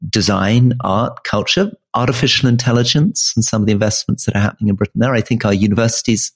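A man's voice: fairly low pitch, fast talker. A middle-aged man co-hosting a podcast, talking in a wry, self-deprecating way with frequent restarts. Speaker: podcast co-host. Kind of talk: casual podcast chat.

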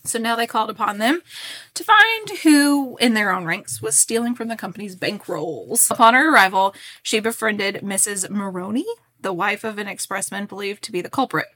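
Animated woman podcast host from Kentucky. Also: medium pitch, normal speed. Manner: animated, laughs often. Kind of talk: reading a history story with casual chat.

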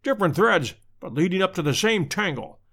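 A man's voice: sits high, sing-song, a little fast, a bit bright, slightly rough, heavily acted. A man voicing a keen, decisive middle-aged detective in a storybook reading. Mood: urgent.

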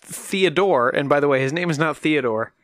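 A man's voice: on the high side, fast talker, a bit bright, no echo, clean studio sound. A man co-hosting a casual podcast, cracking jokes and teasing. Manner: joking, wisecracking. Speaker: podcast co-host. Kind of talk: casual chat.

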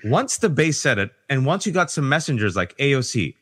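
An impassioned man making his case on a podcast panel. He talks in fast, emphatic bursts with an animated delivery and slips into voices to mimic people. His pitch sits in a middle range. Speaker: panel guest. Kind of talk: impassioned political podcast discussion.

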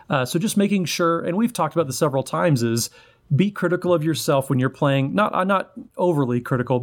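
A man co-hosting a podcast, giving relaxed, friendly advice. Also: on the high side. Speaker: podcast co-host. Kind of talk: casual chat.

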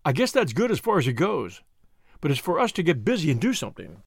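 A man's voice: fairly high pitch, big pitch swings, quick pace, vocal fry, no echo, studio quality, heavily acted. A man voicing a brash, generous young American with an American accent and breezy, confident slang.

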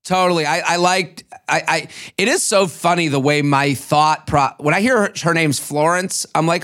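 A man co-hosting a podcast in casual chat, animated and swearing as he acts out quotes from a reality show. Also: a little high, moderate pace, hardly any pauses. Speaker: podcast co-host.

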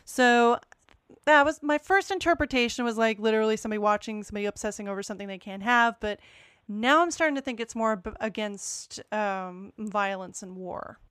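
A woman's voice: fairly high pitch, a little fast, a bit bright, clear, resonant tone, no echo, studio quality. A woman co-hosting a podcast, talking casually and thoughtfully about a song and how it is sung. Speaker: podcast co-host. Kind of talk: casual chat about music.

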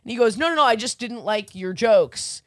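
A woman with a slightly high voice chats in an upbeat, opinionated way and laughs easily. Her voice sounds close and dry. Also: animated, normal speed, fairly bright tone, dry recording. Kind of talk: casual podcast chat.

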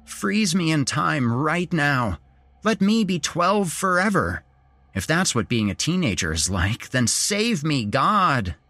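A sarcastic twelve-year-old boy with a husky, lively voice, as a male narrator puts him on. He talks in a dry, mocking way with big melodramatic swings. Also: a little high, slow pace, no echo, voice pushed up, full character voice.

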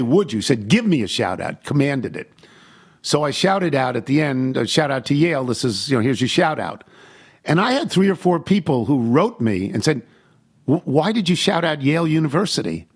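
A man's voice: on the high side, husky. An older man hosting a talk show, chatting casually and telling rambling, self-deprecating stories. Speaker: host. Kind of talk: casual chat.

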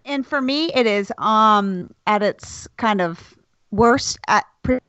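A woman's voice: medium pitch, slow pace, a bit bright, clear, resonant tone, no echo. Chatty woman cohost, lots of ums, dry kinda muffled sound. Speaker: podcast co-host. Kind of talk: casual chat.

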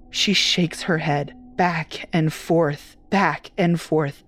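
A woman narrating a first-person horror story in a measured, dramatic storytelling manner. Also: on the low side. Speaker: voice actor, narrator.

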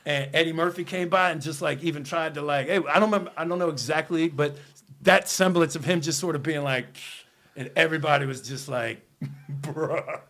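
A man's voice: on the high side, steady tone, brisk, a bit bright, faint music behind. Profane man telling gossip. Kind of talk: casual gossip storytelling.

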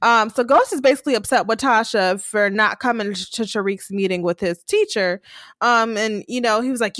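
A woman's voice: on the high side, normal speed, fairly bright tone, no echo, studio quality. A woman co-hosting a casual TV recap podcast, talking animatedly and often acting out what the characters say. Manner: frequent "like" fillers, laughs while talking. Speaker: podcast co-host.

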